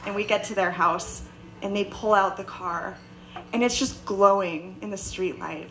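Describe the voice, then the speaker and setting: A young woman telling a personal story live on stage, animated and acting out the quoted voices. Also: medium pitch, unhurried, soft background music, low-quality recording. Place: bar stage before a live audience.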